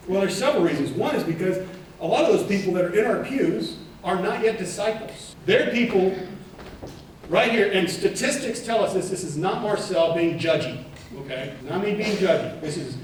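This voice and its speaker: A man giving a keynote conference talk, animated, putting questions to the audience. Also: high-pitched, a little hiss or hum. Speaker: keynote speaker. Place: large conference hall. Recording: echoey hall from far off.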